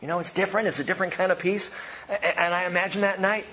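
A man preaching a sermon, animated, swinging from loud emphatic lines to soft hushed ones. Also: high-pitched, very fast, husky, highs cut off. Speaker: pastor.

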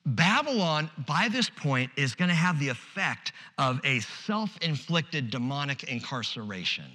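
A man preaching an expository sermon as pastor, animated and conversational, with humorous asides. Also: on the high side, a little slow, big-room sound.

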